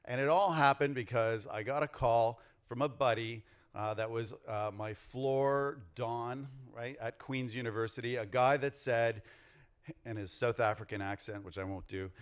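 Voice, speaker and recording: A man in his forties gives an energetic conference keynote on stage, rallying the audience with questions. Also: medium pitch, normal speed, clean tone. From Canada. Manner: energetic, rallies the crowd with questions. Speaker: keynote speaker. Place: on stage before a large audience.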